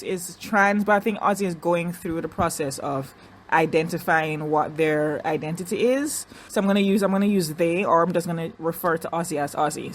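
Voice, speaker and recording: A woman casually reviewing a reality dating show, chatty and animated, restarting sentences and doing mocking impressions. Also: lowish voice, slight background noise. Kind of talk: casual recap commentary.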